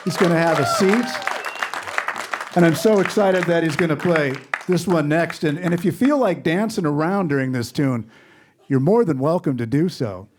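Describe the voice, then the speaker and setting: A man's voice: a little high, lively intonation, moderate pace, a faint crowd. A man hosting a live radio session in an upbeat, friendly way. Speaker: radio host. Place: radio studio with a live audience. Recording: studio audience audible. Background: studio audience.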